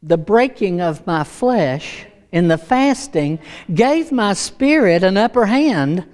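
A middle-aged woman giving a sermon as a personal story, animated and laughing often, acting out voices. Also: mid-range voice, takes it slowly. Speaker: preacher.

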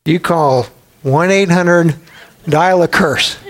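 Male pastor, fairly high voice, animated conversational sermon style with playful storytelling. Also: slow. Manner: humorous, conversational.

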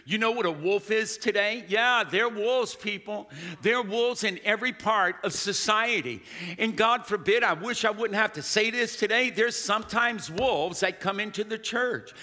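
A man preaching a sermon as pastor, calling to the congregation and rising to shouts. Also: sits high, moderate pace. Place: large church hall. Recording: long hall reverb.

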